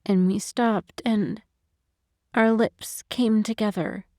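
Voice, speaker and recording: A woman voicing a heartbroken young woman who is crying, with a shaky, halting, soft-spoken manner, in an audiobook. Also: medium pitch, steady tone, dry recording, clean studio sound. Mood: tearful. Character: heartbroken young woman, tearful and self-blaming. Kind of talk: audiobook narration.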